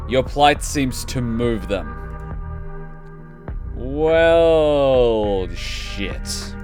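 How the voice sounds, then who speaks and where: A man hosting a game playthrough, reading the on-screen text aloud and chatting with viewers, stalling with fillers as he improvises voices. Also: mid-range voice. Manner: reads narration, then rambles and stalls while improvising voices. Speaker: let's play host. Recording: game music behind voice.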